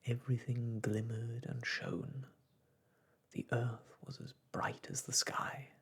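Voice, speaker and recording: A man reading a bedtime story aloud in a soft, hushed whisper. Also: mid-range voice, flat delivery, slow pace, slightly rough.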